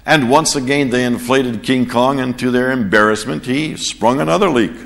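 A man teaching a church class, telling a story in an animated sermon style and chuckling at his own jokes. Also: mid-range voice, moderate pace, creaky, long reverb tail. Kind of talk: sermon with anecdote.

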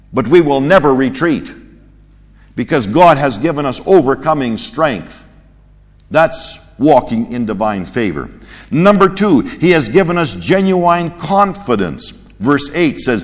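A man from North America teaching a Bible lesson in a sermon style, joking and laughing at his own stories, sometimes stumbling over repeated words. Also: mid-range voice. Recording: long hall reverb.

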